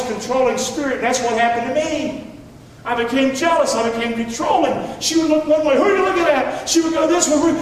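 A man's voice: extremely high pitch, slight background noise. A middle-aged man preaching a sermon as pastor, emphatic and calling on the congregation to answer back. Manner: emphatic, calls for congregation responses. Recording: echoey church hall recorded from far off.

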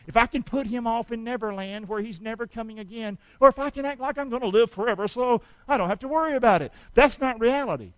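A man preaching a sermon, calling on the congregation to repeat after him and swinging between shouts and quiet asides. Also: very high voice, fast talker, hardly any pauses, no room sound, low-quality recording. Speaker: pastor.

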